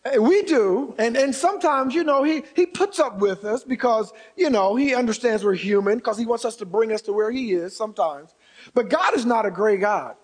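A male pastor delivers a sermon in a fairly high voice. He is animated, slips into voices for the quotes he reads, and climbs to shouts when he drives a point home. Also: slightly rough. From Indiana.

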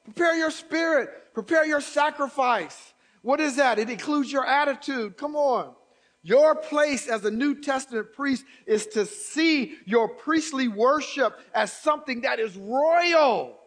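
A man preaching a sermon as pastor, building from quoted scripture to shouted exhortations and repeated phrases. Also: very high voice, a little slow.

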